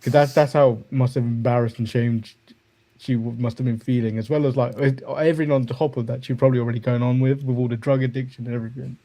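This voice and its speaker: A man from England co-hosting a casual wrestling chat, retelling stories in a relaxed way with hesitations. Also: medium pitch, fast talker. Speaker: podcast co-host.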